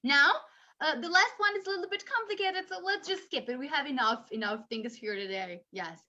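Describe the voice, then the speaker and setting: A woman presenting a teaching webinar for tutors, energetic and demonstrating children's songs as she explains. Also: high-pitched, brisk, muffled recording. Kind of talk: lively teaching demo with singing.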